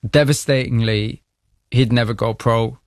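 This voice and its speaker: A man presenting a radio programme, narrating scripted passages and interviewing a guest in a measured, composed way. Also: medium pitch, fairly even intonation, no echo.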